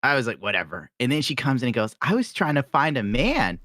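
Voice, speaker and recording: A man co-hosting a podcast, talking in a brash, profane way and mocking people in quick jokey rants. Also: medium pitch, big pitch swings, fairly bright tone, no room sound, clean studio sound. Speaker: podcast co-host. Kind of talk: crude casual chat.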